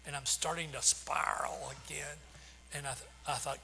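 Man in his sixties, bright forceful preacher's voice, long reverb, faint hum behind. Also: on the high side, fairly even intonation, moderate pace, gravelly. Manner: storytelling with frequent restarts and fillers. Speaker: pastor. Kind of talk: sermon.

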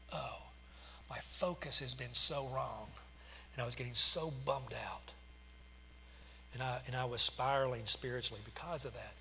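A pastor in his sixties preaches a sermon, his medium-pitched voice moving at a moderate pace with a sharp tone. He tells stories, often restarting and using fillers. The recording has a long hall reverb and a faint hum.

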